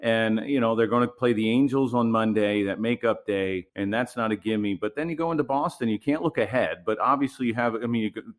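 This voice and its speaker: A man, a former ballplayer, co-hosting a casual sports talk show, rambling and animated with many restarts. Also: lowish voice, a little fast, few pauses. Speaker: former baseball player, co-host.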